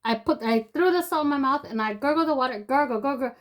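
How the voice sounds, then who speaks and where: A woman's voice: high voice, fast talker. A young woman telling a personal story in a loose, rambling way, full of fillers and restarts. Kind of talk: casual spoken storytelling.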